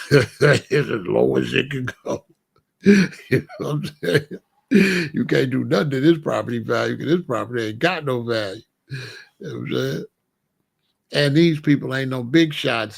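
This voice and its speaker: Gravelly man in slangy casual commentary. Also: medium pitch, moderate pace, long pauses. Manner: animated, slangy, acts out quoted voices.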